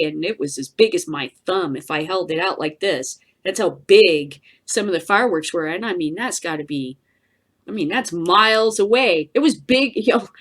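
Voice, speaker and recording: A middle-aged woman hosts her own daily news vlog, ranting casually in a profane way and often swearing and laughing. Her voice is mid-range and a bit bright.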